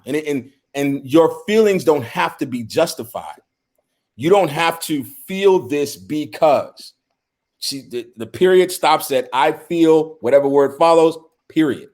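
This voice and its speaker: Speaking at a measured pace, this middle-aged podcast co-host has a fairly high, darkish voice with lively intonation. His casual talk is earnest and heartfelt, full of repeated starts as he restarts his words.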